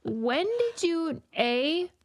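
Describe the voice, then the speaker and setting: A woman co-hosting a podcast in casual chat, chatty and quick to laugh. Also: very high-pitched, very animated. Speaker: podcast co-host.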